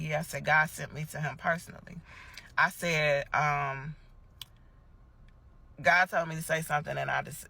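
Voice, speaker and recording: A woman's voice: sits low, gravelly, pushed and bright, breathy edge. A woman giving a casual spoken testimony, telling the story in a preachy way and acting out each person's words. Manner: preachy storytelling, acts out dialogue. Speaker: Christian testimony vlogger.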